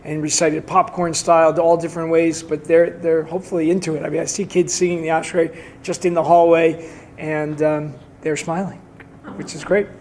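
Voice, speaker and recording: A man leading an adult prayer study session in a synagogue classroom, talking in a relaxed, chatty way with fillers. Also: on the high side, moderate pace, a little hiss or hum.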